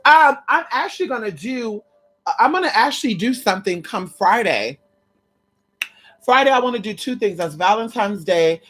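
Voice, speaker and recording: Woman livestream host, sassy and chatty, very animated pitch, faint background music. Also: normal speed. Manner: sassy, chatty, keeps calling listeners honey and girl; breaks into loud laughs and exclamations. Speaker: livestream host teaching conjure. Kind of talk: casual livestream chat.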